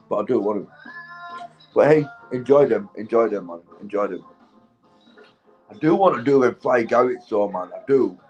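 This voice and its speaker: A British man chatting on a livestream while high, his talk loose and rambling. He swears freely and keeps breaking into laughs. Faint music plays behind him. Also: moderate pace, long pauses, darkish tone, dull audio. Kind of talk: rambling casual livestream chat.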